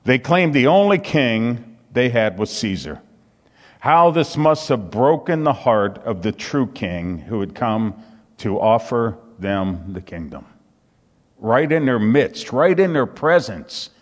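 A man's voice: lowish voice, animated, slow pace. Preacher man in a reverberant hall. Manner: reads scripture aloud, rises to fervent emphasis. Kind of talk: sermon.

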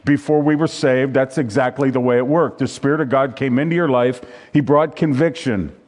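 A man preaching to his congregation in an emphatic, repetitive way. He reads scripture passages aloud and teaches from a handout. His pitch sits at an ordinary middle height for a man. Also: moderate pace, darkish tone.

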